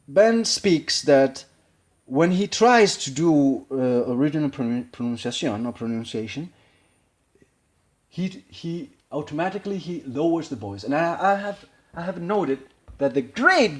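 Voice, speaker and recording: A man with a Spanish accent, a native Spanish speaker, casually analyzing a film scene, halting and searching for words. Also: fairly high pitch, darkish tone. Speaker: acting learner.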